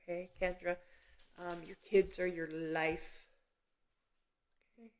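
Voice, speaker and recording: A woman hosting a live psychic medium session, talking gently and haltingly with many pauses and restarts. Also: on the low side, flat delivery. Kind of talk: live online reading.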